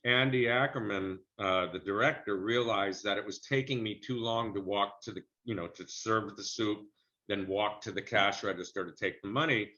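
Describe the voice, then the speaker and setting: A middle-aged man with a lowish voice recounts stories from his acting work in a relaxed interview. His telling is lively, and he slips into the voices of the people he quotes. The recording sounds a little dull and lo-fi. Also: normal speed. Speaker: actor being interviewed. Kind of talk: casual interview storytelling.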